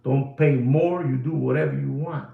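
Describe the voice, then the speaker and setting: A man's voice: medium pitch, fairly even intonation, moderate pace, gravelly, echoey room, narrow, tinny audio. A man hosting a live watch-sale stream, talking in a rambling, emphatic way and repeating phrases over and over.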